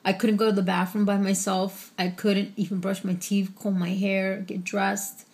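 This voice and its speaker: A woman's voice: medium pitch, little pitch movement, normal speed, darkish tone. A woman talking candidly to her vlog viewers, chatty with many fillers, holding back tears. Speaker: vlogger. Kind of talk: casual personal vlog.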